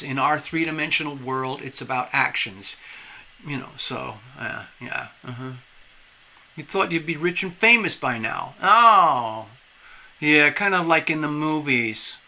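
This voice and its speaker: Man tarot reader, live reading, rambling and spiritual, bright and slightly high. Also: slight background noise.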